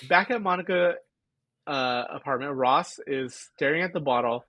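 A man with a fairly high voice hosts a casual podcast recap. He retells scenes, quoting lines and laughing often. The sound is close and dry, with no room echo. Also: normal speed, muffled recording. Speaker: podcast co-host.

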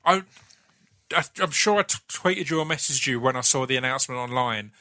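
A man's voice: mid-range voice, a little fast, bright, forceful tone. A male podcast host chatting casually and giving encouraging replies to his guest. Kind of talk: casual interview chat.

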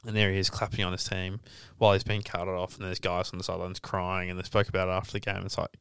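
Gravelly young man. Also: low-pitched, monotone, fast, fairly bright tone, no echo. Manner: storytelling, emphatic, acts out quotes. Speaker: podcast co-host. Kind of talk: casual chat.

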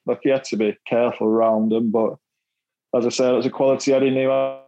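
A middle-aged Mancunian man, a former footballer guesting on a podcast, rattles off self-deprecating stories from his playing days, laughing a lot and repeating words as he talks. His voice is medium-pitched, mellow, and fast, with little pitch movement, and the audio sounds dull.

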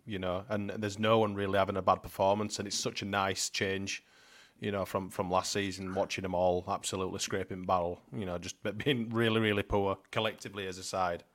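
A man's voice: low voice, little pitch movement, a little fast, fairly bright tone. A man co-hosting a casual football podcast, chatting loosely, swearing freely and laughing often. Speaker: podcast co-host.

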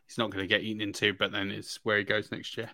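A man's voice: on the low side, little pitch movement, fast, pushed and bright, no room sound, clean studio sound. A man co-hosting a fantasy football podcast, talking through draft picks in a casual, emphatic way with frequent restarts and laughs. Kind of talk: casual sports analysis chat.

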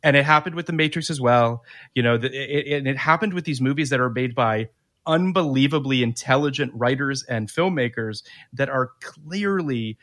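A man's voice: mid-range voice, moderate pace, fairly bright tone. A man co-hosting a podcast in casual chat, opinionated and prone to stammering restarts. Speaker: podcast co-host.

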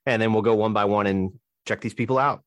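A man from Alabama hosting a casual podcast chat in a relaxed, chatty way. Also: fairly low pitch, quick pace, no echo. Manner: relaxed, chatty, plugs the show. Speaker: podcast host.

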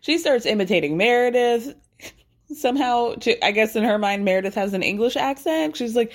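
A woman's voice: fairly high pitch, expressive, normal speed. Wry, chatty woman podcast host. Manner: chatty and wry, lots of "like" and asides. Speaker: podcast host recapping a TV episode. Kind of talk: casual recap chat.

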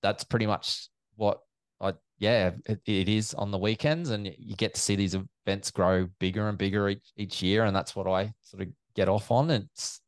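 A man's voice: fairly low pitch, moderate pace, dry recording, clean studio sound. A man, an event MC telling stories in a casual interview and acting out quoted exchanges. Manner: chatty and animated, acts out quoted exchanges. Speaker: event MC and commentator.

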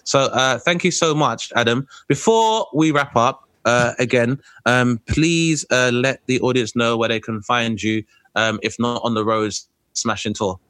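A man's voice: medium pitch, measured pace, hardly any pauses, a bit bright, smooth, no echo. A man hosting a comedic podcast chat, swearing freely and laughing often. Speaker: podcast host.

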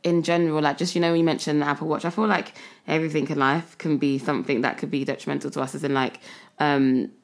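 A young woman hosts a relaxed podcast chat. Her voice sits a little low, and she rambles, looping through fillers and false starts as she thinks aloud. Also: quick pace. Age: young adult. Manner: rambling, many fillers and restarts. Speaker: podcast host. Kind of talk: casual chat.

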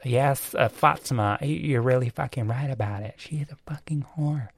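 A man's voice: mid-range voice, moderate pace, no echo, pitched above the performer's own voice, close to an everyday voice. A man voicing a judgmental young woman who eagerly agrees with her friend's gossip, swearing as she goes. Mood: scandalised.

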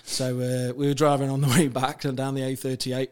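Rambling man, flat voice. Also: medium pitch, a little fast, clear, resonant tone. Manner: rambling, many fillers and restarts, laughs while telling stories. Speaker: guest. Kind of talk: casual chat, telling anecdotes.

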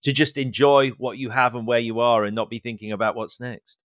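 A middle-aged man hosts a film interview in a casual, wry tone, often stammering and restarting his sentences. His voice sits in a middle pitch. It is recorded close and dry, with no room sound. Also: fairly even intonation, brisk, no room sound. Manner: stammering restarts, wry, self-described cynic. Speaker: podcast host.

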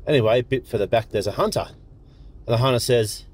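Caller telling a long joke. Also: male voice, medium pitch. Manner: steady, deliberate joke-telling, crude.

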